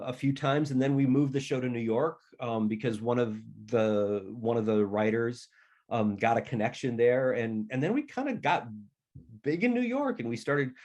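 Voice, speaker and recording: A man's voice: mid-range voice, a little mellow. A middle-aged man, an author, chatting casually and telling anecdotes, sometimes acting out other people's voices. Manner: chatty, acts out family members' voices in anecdotes. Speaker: author guest. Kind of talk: casual storytelling conversation.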